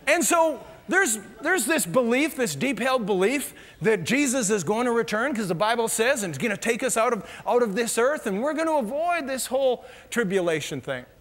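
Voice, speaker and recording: High-voiced pastor, lively sermon. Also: male voice, moderate pace, hardly any pauses. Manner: humorous storytelling, laughs at own jokes. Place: large church hall. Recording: reverberant church hall.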